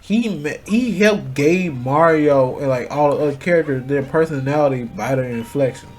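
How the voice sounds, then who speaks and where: A channel host with a fairly high voice speaks at a moderate pace over faint background music. His casual rant about voice acting rambles with fillers and restarts, he swears freely, and he grows loud and heated.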